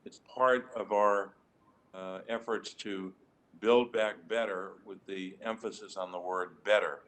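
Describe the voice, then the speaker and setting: A man, a senator at a committee hearing, delivering prepared remarks in a measured, emphatic way. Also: low voice, steady tone, a bit bright, a little hiss or hum. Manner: measured, emphatic speech-making. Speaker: senator questioning nominees.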